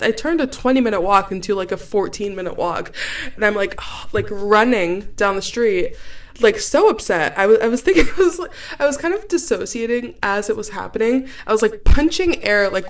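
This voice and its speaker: Podcast host, young woman from Cameroon, mid-pitched, casual and animated storyteller. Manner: chatty, animated, heavy use of "like".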